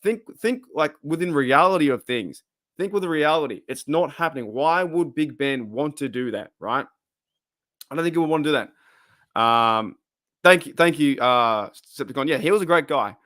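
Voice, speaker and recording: A man's voice: fairly high pitch, animated, moderate pace, a bit bright, no echo, clean studio sound. A young Australian man chatting casually on his channel, rambling off on tangents and chuckling often. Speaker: channel host. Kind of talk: casual live-stream chat.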